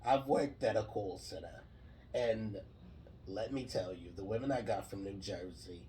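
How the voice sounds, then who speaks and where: A man voicing a foul-mouthed older New Jersey woman caller with a raspy, gravelly smoker's voice and a brash, threatening manner. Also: fairly high pitch, animated, measured pace, distant mic, a little hiss or hum, low-quality recording. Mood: gravelly, chatty. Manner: brash, threatening, calls everyone sweetheart or honey.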